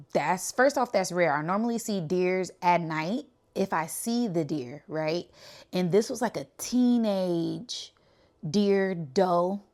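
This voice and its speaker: A woman from the Bay Area who tells a spiritual story in a casual, animated way and keeps checking in with "right?". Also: medium pitch. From Bay Area, California. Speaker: spiritual channel host.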